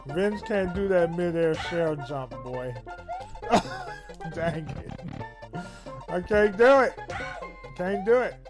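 Young male streamer, excitable, laughs and yells a lot, very unhurried delivery, faint game music behind. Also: sits high. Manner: excitable, laughs often, yells when surprised. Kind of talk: casual live-stream commentary.

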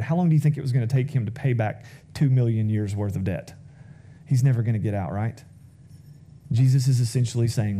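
A man's voice: medium pitch, mellow. A man preaching a sermon as pastor, telling a parable and reading scripture, acting out the characters' lines as he goes. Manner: storytelling, reads scripture aloud and acts out the characters' lines.

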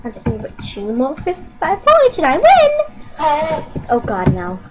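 A woman from Canada giving excited, self-mocking commentary while playing a game, with sudden yelps, laughs and dramatic complaints. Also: sits high, a little slow, a little hiss or hum, poor audio. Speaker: gaming channel host.

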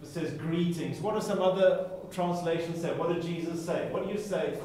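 A man teaching a Bible class in a chatty, playful way, tossing in asides and mock voices. His voice sits a little high. It is heard from a mic far off, in a very echoey room. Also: normal speed, warm tone. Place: chapel classroom.

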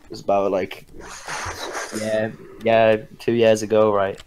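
A man's voice: fairly low pitch, level tone, measured pace, background noise. A young man on a live stream, telling crude, swear-heavy stories to friends and laughing as he goes. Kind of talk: casual storytelling with friends.

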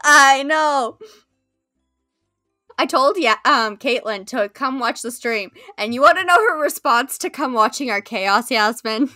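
A woman's voice: high voice, animated, unhurried, sharp tone, dry recording, clean studio sound, faint music behind. A woman streamer chatting casually during a co-op game, teasing her partner and swearing freely. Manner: swears often and teases her co-player. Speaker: streamer host. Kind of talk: casual gameplay chat.

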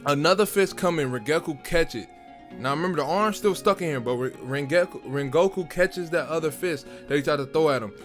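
An excited young man talking through a film recap with lots of street slang. His voice sits fairly high, he trips over his words when he gets worked up, and soft music plays behind him. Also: brisk. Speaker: video creator reviewing a film.

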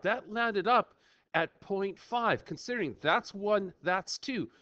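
A man teaches math over a screen recording with a bright, high voice that rises and falls dramatically. He is playful and chatty and thinks out loud as he goes. The sound is dry and muffled, like a cheap desk mic. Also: takes it slowly, no room sound. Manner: playful, animated, talks to himself while working.

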